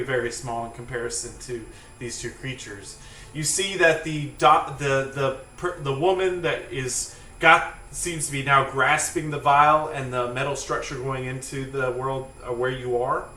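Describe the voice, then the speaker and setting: A man narrating a tabletop fantasy game as game master, in a casual, halting way. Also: medium pitch, fairly even intonation, sharp tone, a little hiss or hum. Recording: echoey room, distant mic, faint music.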